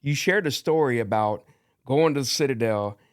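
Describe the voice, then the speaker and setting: A man hosting a faith and sports podcast, asking questions in an admiring way with frequent restarts. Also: mid-range voice. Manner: warm, admiring interviewer with halting restarts. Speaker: podcast host. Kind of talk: podcast interview.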